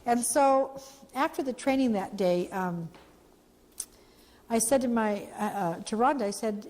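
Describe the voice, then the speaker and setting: A woman founder tells a story to trainees with animated, expressive delivery. Her voice sits on the higher side. The talk rings out in a reverberant hall. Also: measured pace, long pauses.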